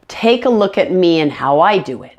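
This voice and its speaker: A woman teaching English pronunciation, clearly modeling words for learners to repeat. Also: fairly low pitch, sing-song, normal speed. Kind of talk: online pronunciation lesson. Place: indoors, on camera.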